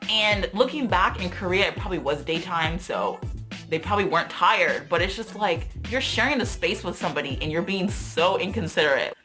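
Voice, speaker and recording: A woman's voice: fairly low pitch, a little fast, over music. A young woman vlogger telling a story in a casual, exasperated way, full of "like" and replayed quotes. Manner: exasperated, animated, heavy use of "like".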